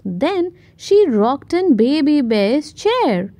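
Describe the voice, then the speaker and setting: A woman reading a picture book aloud for children, expressive and speaking to the listeners. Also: sits high, slow pace. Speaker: children's storyteller. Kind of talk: read-aloud storytime narration.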